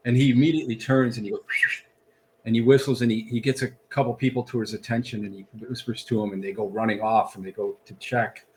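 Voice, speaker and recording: A man's voice: mid-range voice, little pitch movement, quick pace, a little mellow, a little hiss or hum. A man narrating a tabletop game as game master, with a rambling manner full of restarts. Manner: rambling, many restarts and fillers.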